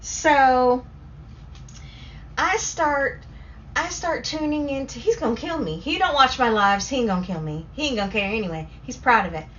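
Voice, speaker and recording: Southern woman, livestream story time, rambling and excitable, fairly high voice, slightly dull lo-fi stream audio. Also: a little hiss or hum. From Southern United States. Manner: rambling and excitable, talks in quick bursts. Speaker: livestream host reading chat comments. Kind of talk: casual story time chat.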